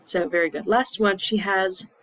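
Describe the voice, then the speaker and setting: A woman teaching English to learners, repeating words slowly and acting out aches and symptoms with little groans. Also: mid-range voice, steady tone, no echo, rough recording. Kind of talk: slow classroom explanation.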